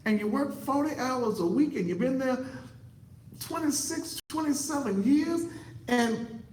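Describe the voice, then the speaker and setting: A man's voice: very high voice, lively intonation, measured pace, a little mellow, echoey room, poor audio. A man delivering a fiery, preachy commentary monologue to camera as an online talk show host, repeating himself for emphasis. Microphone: computer setup facing a monitor.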